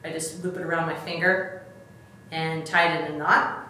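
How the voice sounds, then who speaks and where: A woman's voice: low-pitched, steady tone, moderate pace, sharp tone. A middle-aged woman, a DIY expert, casually talking through a craft demonstration step by step in a chatty, self-deprecating way. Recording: echoey room, mic at a distance, faint background noise.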